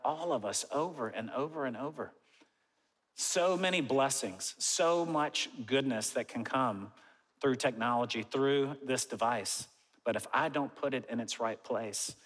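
Man in his forties, pastor, casual animated sermon, long hall reverb, mid-pitched voice. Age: 40s. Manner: conversational and animated, with self-mocking asides and laughs.

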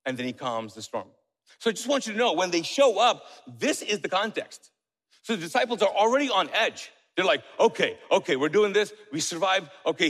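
A high-voiced male pastor delivers a lively sermon, quizzing his congregation and slipping in jokes. His voice rings out with the long reverb of a church hall. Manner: lively, asks the congregation questions, joking asides.

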